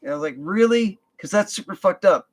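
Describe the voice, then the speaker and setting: A man's voice: on the high side, rapid-fire, fairly bright tone. A young man telling a work story in a casual, profane, rambling rant full of fillers and restarts. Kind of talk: casual ranting monologue.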